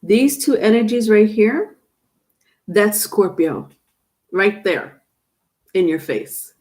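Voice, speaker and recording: A woman's voice: mid-range voice, animated, takes it slowly, darkish tone. A woman hosting a live tarot reading, chatty and repetitive, often laughing while greeting viewers. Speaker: tarot reader. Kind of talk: live-stream reading and chat.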